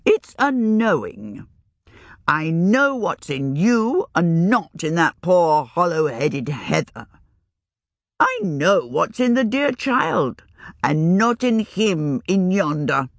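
A woman voicing a shrewd, earthy old village witch who talks in a rustic, old-fashioned country way, her pitch raised and wavering. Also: big pitch swings, takes it slowly, no echo, full character voice. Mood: musing. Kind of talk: audiobook reading.

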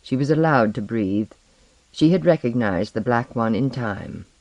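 Measured audiobook narrator. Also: mid-range voice, expressive, darkish tone, no room sound. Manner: measured, dramatic reading. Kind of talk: scripted narration.

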